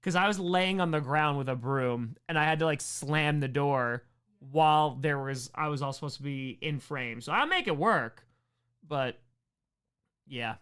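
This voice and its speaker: A man's voice: a little high, expressive, a little slow, fairly bright tone, smooth. A man hosting a casual livestream Q&A, rambling and joking as he reads out and answers chat. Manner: rambling, jokey, answers chat names aloud. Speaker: streamer host answering chat.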